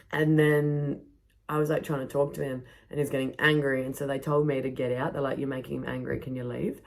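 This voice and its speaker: A woman's voice: extremely low pitch, vocal fry, darkish tone. A young woman hosting a podcast outdoors, telling a story in a rambling, casual way, swearing a lot and filling her speech with "like". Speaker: podcast host. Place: backyard outdoors.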